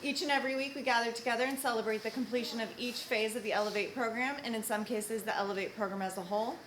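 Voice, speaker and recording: A woman's voice: fairly high pitch, steady tone, fast talker, a bit bright. Upbeat woman hosting in an echoey room. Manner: upbeat, rallies the audience. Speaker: ceremony host at a treatment center. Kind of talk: announcing a graduation ceremony. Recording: echoey room with background noise.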